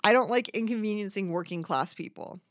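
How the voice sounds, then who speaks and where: A woman's voice: mid-range voice, a little fast, no echo. A woman rants casually, swearing freely and rambling from one grievance to the next. Her voice sits mid-range and close, with a dry sound and no room around it. She is self-deprecating and slips into little acted voices of other people. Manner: acts out quoted voices. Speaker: monologuist. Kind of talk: casual rant.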